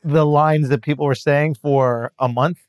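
A man's voice: on the high side, fairly even intonation, a little slow, clear, resonant tone, no echo, clean studio sound. A man co-hosting a podcast in casual chat, teasing and blunt as he fires off questions. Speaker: podcast co-host.

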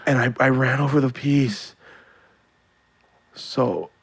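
A man in his late twenties telling a story in casual podcast chat, animated and swearing freely. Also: mid-range voice, takes it slowly, gravelly, slightly rough. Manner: animated, swears freely, acts out quoted voices.

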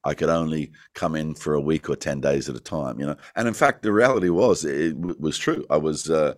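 A middle-aged Australian man with a very low voice tells rambling stories as an interview guest. He leans on "you know" and breaks into laughs as he goes. He is recorded close and dry, with almost no room sound. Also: fairly quick, dry recording. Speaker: actor guest. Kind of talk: casual interview storytelling.

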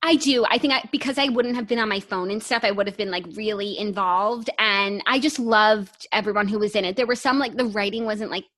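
A woman's voice: mid-range voice, a little fast, hardly any pauses, a bit bright. Woman cohosting a podcast, chatty and upbeat, lots of "like". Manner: chatty and upbeat, uses "like" often. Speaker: podcast co-host. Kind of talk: casual podcast chat.

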